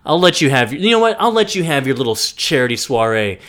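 A podcast co-host with a mid-range, slightly bright voice talks quickly and with big pitch swings. In this casual rewatch recap, he's laid-back and joking, quoting the characters as he riffs on scenes.

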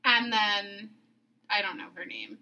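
A woman's voice: mid-range voice, measured pace, bright, forceful tone, lo-fi sound. A young woman co-hosting a podcast in casual chat, chatty, laughing often and swearing casually. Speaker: podcast co-host.

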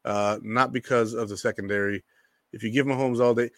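A man hosting a casual sports talk stream, reading viewer comments and joking in quick, energetic bursts. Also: medium pitch, no room sound, clean studio sound. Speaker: sports show host.

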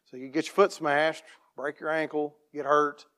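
A plain-spoken man tells a church testimony story as a farm operator, restarting his sentences and clearing his throat often. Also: a little high, level tone, normal speed, fairly bright tone.

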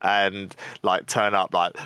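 A man co-hosting a podcast, talking excitably in casual chat and swearing casually. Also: deep voice, slow, clean tone, no echo. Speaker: podcast co-host.

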